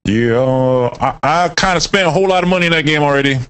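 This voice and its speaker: A man co-hosting, his voice pitched somewhat high. He riffs in loose, slangy banter, joking and cursing casually. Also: fast talker, fairly bright tone, clean tone. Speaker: co-host.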